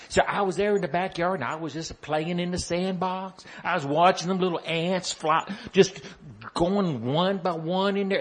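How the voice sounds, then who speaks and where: Husky, playful male storyteller. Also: fairly high pitch. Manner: playful, chatty, asks the listener questions. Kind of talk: folksy storytelling.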